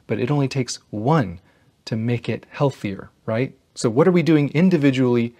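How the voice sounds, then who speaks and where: Guy doing a relationship advice talk to camera, earnest, leans on key lines, normal pitch. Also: moderate pace, warm tone. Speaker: relationship channel host.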